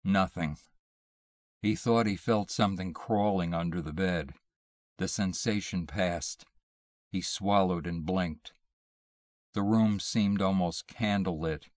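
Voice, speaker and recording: A man reading a short story aloud in a measured, deliberate storytelling manner. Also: low voice, no room sound, studio quality. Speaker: audiobook reader.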